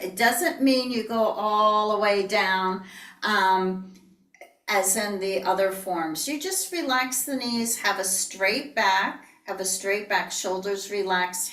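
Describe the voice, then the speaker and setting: A woman instructor giving calm, breathy step-by-step movement cues in an online class. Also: mid-range voice. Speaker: yoga and tai chi instructor. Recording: roomy, distant online-class audio.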